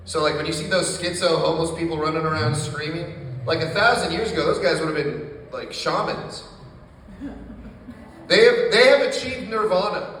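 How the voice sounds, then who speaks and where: A man tells dark, deadpan stand-up jokes to a tiny crowd in a coffee shop, swearing freely. His voice sits a little high. He sounds distant, with a long echo from a hard room and a faint hiss behind him. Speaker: stand-up comedian. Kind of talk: stand-up set. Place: small coffee shop stage.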